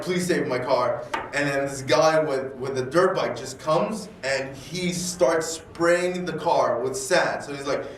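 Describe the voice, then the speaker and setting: A man telling a story casually and animatedly, acting out the dialogue and repeating words when excited. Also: fairly high pitch, a little hiss or hum. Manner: animated, acts out dialogue in voices. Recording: echoey room, distant mic, faint ambience.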